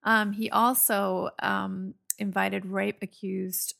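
A woman on a comedy podcast reading out news stories and tossing in sarcastic asides. Her voice has a heavy, gravelly fry throughout. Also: medium pitch, level tone, takes it slowly, a bit bright. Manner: wry, sarcastic. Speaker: podcast co-host.

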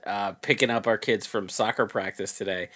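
Co-hosting a comedy podcast, a man with a lowish voice speaks at normal speed, telling stories and acting out the people in them. It's casual banter, delivered as animated storytelling full of acted-out quotes.

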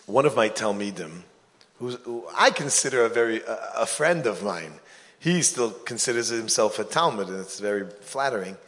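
A male rabbi preaches to his community, telling stories with joking asides. His pitch swings widely and lively. Long reverb fills the big hall. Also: normal speed. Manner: animated storyteller, joking asides. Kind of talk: sermon with storytelling.

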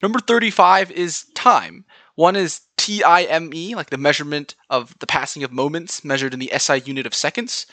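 A man's voice: a little high, normal speed, bright, forceful tone, no echo. A man with a General American accent hosting a solo podcast, chatting through word lists and spelling words out letter by letter. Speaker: podcast host.

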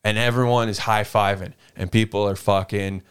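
A man who runs tabletop games, telling stories from his campaigns in an animated, profane way during a casual chat. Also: fairly low pitch, moderate pace, smooth. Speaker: game master.

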